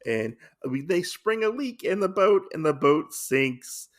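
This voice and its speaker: A man's voice: a little high, sing-song, a little slow. A man hosting a podcast, casually retelling a comic book story in a rambling way, full of filler words. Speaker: podcast host.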